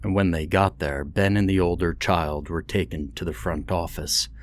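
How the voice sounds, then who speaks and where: A man narrating a horror story in a measured, deliberate scripted reading. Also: low voice, steady tone.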